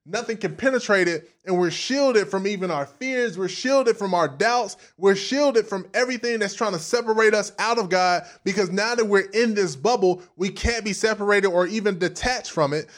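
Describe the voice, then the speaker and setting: A man with a high voice and delivers a sermon with big swings in volume and emphasis. He drops to near-whispers for asides, then punches key lines hard. He also acts out other people's voices as he preaches. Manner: animated preaching, dramatic swings between soft and loud.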